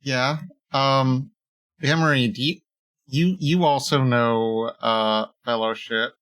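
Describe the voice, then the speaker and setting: A man's voice: mid-range voice, fairly even intonation, takes it slowly, a bit bright, rough recording. A man co-hosting a podcast in casual chat, hesitant, with many ums and short agreements. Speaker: podcast co-host. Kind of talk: casual chat about tabletop games.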